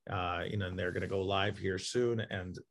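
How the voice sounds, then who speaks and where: A man's voice: sits low, steady tone, moderate pace. A man who runs a crowdfunding platform, answering interview questions in a loose explanatory way with many fillers and restarts.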